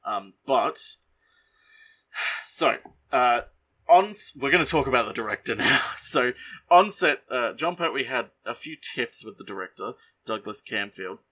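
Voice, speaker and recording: A man co-hosting a podcast, casually sharing behind-the-scenes trivia in a halting way, full of ums and likes. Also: medium pitch, lively intonation, pushed and bright, breathy edge. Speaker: podcast co-host.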